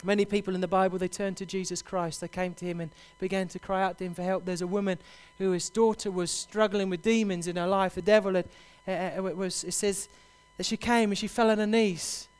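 A man preaching a sermon, building to loud, impassioned repeated cries. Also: high voice, steady tone, fairly quick, few pauses, clear, resonant tone.

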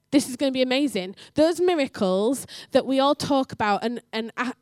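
Animated woman preaching. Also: high voice, moderate pace, no room sound, studio quality. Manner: animated storytelling, acts out dialogue. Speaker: church speaker. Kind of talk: personal sermon with story.

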